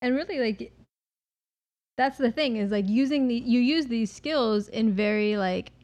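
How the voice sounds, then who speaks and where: A woman's voice: on the high side, unhurried, a little mellow. Chatty woman talking frankly. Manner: direct, thoughtful, many fillers. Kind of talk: casual conversation.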